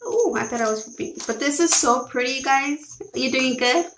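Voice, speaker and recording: A mother rambles through a shopping haul in casual, unscripted chat, often stopping to correct herself. Her voice sits a bit high, and it echoes around the room she records in. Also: normal speed, noisy background. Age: adult with children. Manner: rambling, chatty, self-correcting, greets viewers by name. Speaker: vlogger showing a shopping haul. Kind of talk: casual chat with live viewers.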